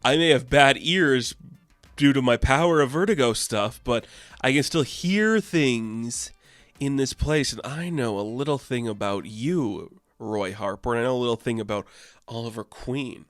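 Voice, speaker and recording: Smug imprisoned supervillain, read by a man: slow, sly, taunting. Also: mid-range voice, a bit bright, no room sound, lightly acted.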